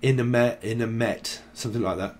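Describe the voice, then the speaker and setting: A man's voice: medium pitch, fairly even intonation, fairly quick, slight background noise. A man reads tarot in a rambling, stream-of-thought way. He hops from name to name and word to word, tossing in jokes as he goes. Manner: free-associating, joking, lists names and words. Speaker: tarot reader. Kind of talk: rambling channeled tarot reading.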